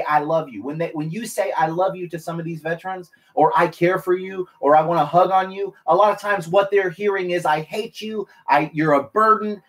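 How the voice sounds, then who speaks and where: A man, a military veteran, talking earnestly and emotionally to viewers on a casual live stream, rambling and restarting his sentences. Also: high-pitched. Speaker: veteran livestreamer.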